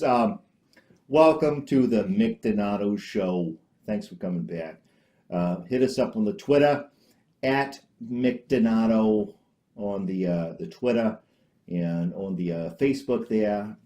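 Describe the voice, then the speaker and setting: A man hosting a homemade comedy talk show, rambling and deadpan, constantly hesitating with uh and um. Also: on the low side. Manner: hesitant, full of uh and um, restarts. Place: small home studio with green screen.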